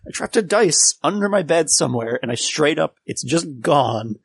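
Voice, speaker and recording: A man's voice: a little high, animated, moderate pace, gravelly, slight background noise. A man playing in a tabletop game, joking around and laughing a lot in casual chat. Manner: giggly, jokey. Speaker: player.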